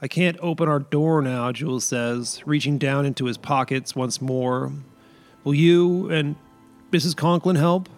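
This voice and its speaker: A man's voice: on the high side, a little slow, faint music behind. A man voicing a shaken, troubled neighbor. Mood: pleading. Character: anxious man losing his fingers, a shaken neighbor. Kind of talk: audiobook story reading.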